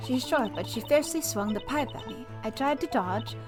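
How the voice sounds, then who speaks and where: A woman's voice: a little high, expressive, normal speed, natural voice. Woman putting on a proud ship's cook with a thick Italian accent. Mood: boastful. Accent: put-on Italian. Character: brash female ship's cook, middle-aged. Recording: game music playing behind.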